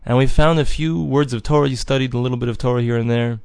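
A man voicing calm angels who explain a soul's small good deeds and its reward. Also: mid-range voice, fast talker, vocal fry, dry recording, clean studio sound, lightly acted.

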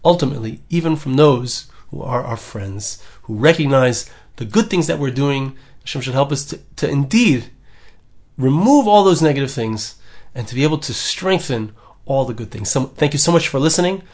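A man's voice: mid-range voice, animated, normal speed, a little mellow. A man giving an earnest podcast sermon, full of rhetorical questions and repeated phrases. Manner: earnest, repetitive, rhetorical questions, acts out quoted voices. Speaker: rabbi giving a Torah talk.

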